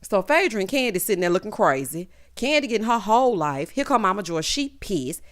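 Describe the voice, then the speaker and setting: A woman's voice: medium pitch, big pitch swings, fairly quick. A woman hosting a casual reality TV recap, telling it with sassy, dramatic flair and lots of 'honey' and 'child'.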